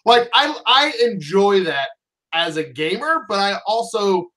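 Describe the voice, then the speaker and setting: A man's voice: high voice, big pitch swings, unhurried, sharp tone. A man co-hosting a board game live stream in casual group chat, rambling and self-deprecating with many restarts.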